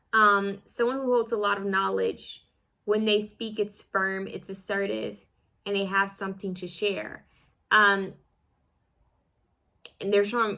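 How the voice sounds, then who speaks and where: Woman doing a tarot reading, bright clear tone, lots of um and you know, kinda rambly. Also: medium pitch. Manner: rambling, full of fillers and restarts; self-conscious, fumbles over words. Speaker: tarot card reader. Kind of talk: casual pick-a-card reading.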